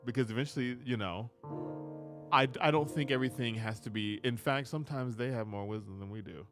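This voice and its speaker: A man's voice: mid-range voice, fairly quick. A man talking casually about music, with restarts, now and then singing a show tune. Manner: breaks into singing show tunes mid-talk. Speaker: musician guest.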